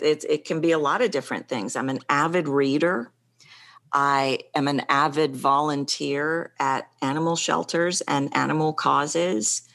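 A woman's voice: low voice, a bit bright. A middle-aged woman speaking coach, talking animatedly in an interview and shifting her pace for emphasis. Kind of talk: conversational interview.

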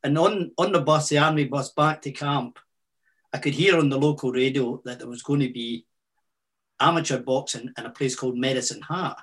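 Husky Fife-accented older Scotsman. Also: mid-range voice, a bit bright. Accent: Scottish, Fife. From Scotland. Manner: chatty, halting restarts, broad Scots words. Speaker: guest, ex-army boxer. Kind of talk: casual storytelling interview.

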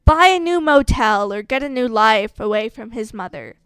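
Co-host, woman, smooth clear voice, dry sound, wry film recap chat. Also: fairly high pitch, lively intonation, moderate pace, a bit bright, no room sound.

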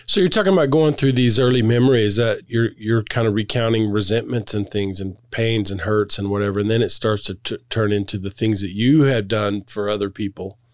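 A man's voice: lowish voice, fairly quick, hardly any pauses, darkish tone, no room sound, clean studio sound. A man hosting a podcast interview, who sums up his guest's story and asks probing follow-up questions. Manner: reflective, summarizing, probing questions. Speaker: podcast host.

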